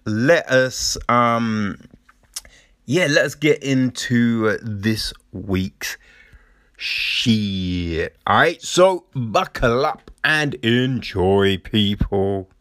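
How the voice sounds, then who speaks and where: Man, podcast host, casual rant, sarcastic, profane, slow delivery, dry recording. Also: mid-range voice, lively intonation, a bit bright, no echo. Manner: profane, sarcastic, mocking voices of others. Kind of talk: casual ranting monologue.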